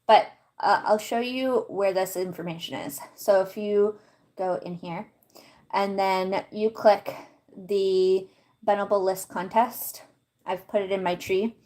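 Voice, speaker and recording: A woman's voice: medium pitch, steady tone, takes it slowly, darkish tone. A woman hosting a live stream from home, walking viewers through a website in a chatty way and laughing often as she talks to her chat. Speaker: livestream host. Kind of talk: casual livestream walkthrough.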